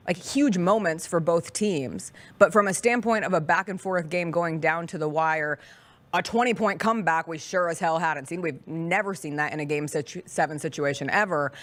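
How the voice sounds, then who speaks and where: Emphatic woman sports show host. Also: lowish voice. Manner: emphatic, dramatic pauses. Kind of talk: casual sports talk.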